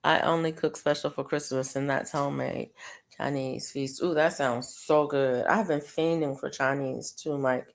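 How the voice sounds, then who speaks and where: A middle-aged woman with a low, creaky voice chats to live viewers while she crochets. She rambles with plenty of ums and laughs often. Her tone is loose and conversational. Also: steady tone, normal speed. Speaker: live stream host. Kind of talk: casual chat to live viewers.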